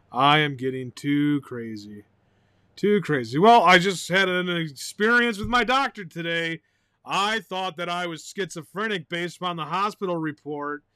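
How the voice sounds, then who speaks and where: Excitable, high-voiced man on a dry close mic. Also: dry recording. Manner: excitable, swears loudly, bursts into shouting and laughter. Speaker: podcast host. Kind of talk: rambling solo podcast monologue.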